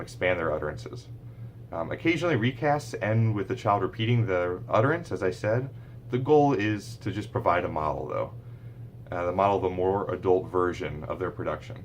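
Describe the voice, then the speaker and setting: A man who works as a speech therapist, giving a relaxed, chatty talk to parents with many fillers and restarts. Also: low-pitched, slight background noise. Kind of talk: informal teaching talk to parents.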